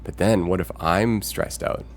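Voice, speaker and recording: A man with a low voice speaks a little slowly in a casual live stream chat, with a slight hiss or hum in the audio. He rambles and thinks aloud full of fillers, reading chat messages and greeting viewers who arrive.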